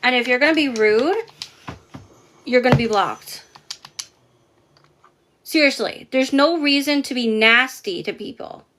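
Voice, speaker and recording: A woman on a TikTok live stream angrily confronts a rude commenter, raising her voice and swearing in a heated chat. She speaks high-pitched and unhurried with long pauses, over a little hiss or hum.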